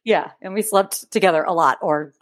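A woman, co-hosting a podcast and telling a story with lively, acted-out quotes. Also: normal speed, no echo, clean studio sound. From Texas. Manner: animated storyteller, acts out quotes with big pitch jumps. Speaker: podcast co-host. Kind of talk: casual chat, storytelling.

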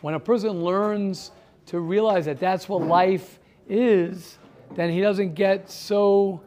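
A man's voice: sits high, fairly even intonation, slow, darkish tone, a little hiss or hum. A man teaching a class, firing off rhetorical questions and repeating himself, growing heated as he presses his point. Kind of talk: classroom talk with students.

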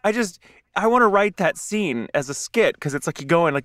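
Laughing male podcast co-host, lively pitch. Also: normal speed, clean tone, dry recording, clean studio sound. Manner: laughs often, acts out silly skits. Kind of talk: casual chat reading weird news.

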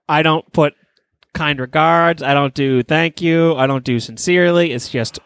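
A man's voice: on the high side, measured pace, fairly bright tone, smooth, no room sound, studio quality. A man co-hosting a podcast, venting and swearing in casual chat. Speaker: podcast co-host.

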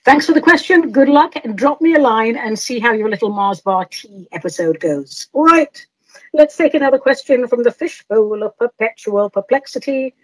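A woman's voice: on the high side, animated, moderate pace, low-quality recording. A woman hosting a radio advice show, reading and answering listener letters in a playful, teasing way with frequent laughs. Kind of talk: advice talk, reading a listener email aloud.

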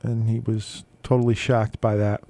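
A man hosting a radio music show, telling stories between records in a relaxed, halting way with many fillers. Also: on the low side, creaky, no room sound.

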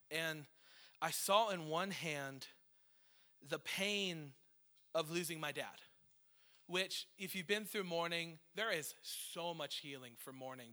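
A man's voice: on the high side, bright, forceful tone. A man in his thirties, a worship leader, preaching a conversational, emotional sermon with self-deprecating asides.

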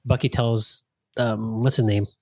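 Animated, profane man hosting a podcast. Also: on the low side, unhurried, dry recording. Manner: animated and profane, acting out his own reactions. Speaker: podcast host. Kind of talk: casual chat.

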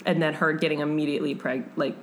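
Animated young woman retelling a story. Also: low-pitched, a little hiss or hum. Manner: animated, acts out characters in quick voices; swearing, lots of "like". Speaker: podcast co-host. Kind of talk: casual book chat.

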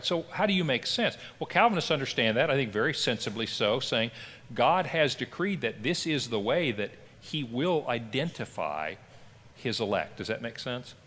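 Animated pastor teaching in a reverberant hall. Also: male voice, medium pitch. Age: middle-aged. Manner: animated, emphatic, conversational. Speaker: pastor teaching a Bible class. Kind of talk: church class teaching. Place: church classroom.

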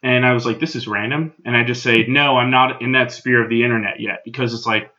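A man's voice: medium pitch, fairly even intonation, fast talker, hardly any pauses, bright, forceful tone, highs cut off. A young man telling a story at home in a casual, profane, exasperated rant. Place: room at home.

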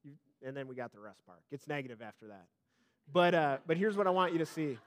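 Speaking fast in a fairly high, animated voice, this pastor delivers an emphatic sermon straight to his congregation. His volume surges to loud peaks and drops back soft, with frequent repetition of his words.

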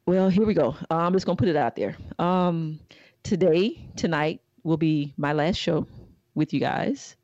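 Deadpan woman podcast co-host. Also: sits low, normal speed, no room sound, lo-fi sound. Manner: playful, deadpan teasing. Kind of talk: casual comedic chat.

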